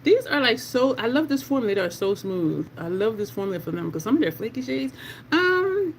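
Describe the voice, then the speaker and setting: An excitable, chatty beauty livestream host swatching makeup at home and talking straight to the chat. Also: medium pitch, brisk, creaky, slight background noise. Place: at home in Delaware.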